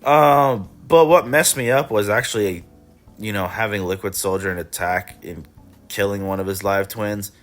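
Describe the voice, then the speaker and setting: Guy with a lowish voice chatting loosely through his card game matches, cussing, bit of a cough, faint music behind. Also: normal speed. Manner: laid-back, profane, chuckling, mock voices of opponents. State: coughing and clearing throat. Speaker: card game player recapping a tournament. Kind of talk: casual game recap.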